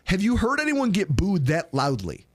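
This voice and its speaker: A man co-hosting a casual podcast, excitedly telling stories and acting out the people he quotes. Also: high-pitched, normal speed. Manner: animated, excitable storyteller who acts out quotes. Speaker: podcast co-host. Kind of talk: casual chat.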